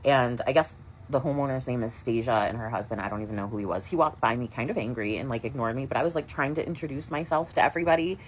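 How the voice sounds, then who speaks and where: A woman's voice: extremely low pitch, fast, hardly any pauses, slight background noise, rough recording. A woman in her thirties tells an upsetting personal story, shaken and rambling with lots of fillers. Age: 30s. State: shaken and distraught.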